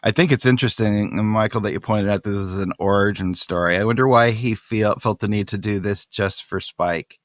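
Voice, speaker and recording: A man's voice: fairly low pitch, moderate pace, few pauses, dry recording, studio quality. A man co-hosting a podcast in casual chat, reading comic strips aloud and laughing often. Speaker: podcast co-host.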